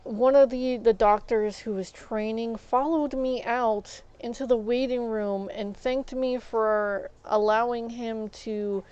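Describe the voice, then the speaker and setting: Woman, rambling animated storyteller, higher-pitched, dull lo-fi sound. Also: takes it slowly, hardly any pauses, clear, resonant tone. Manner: rambling, animated, acts out quoted people. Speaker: streamer. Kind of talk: casual storytelling while gaming.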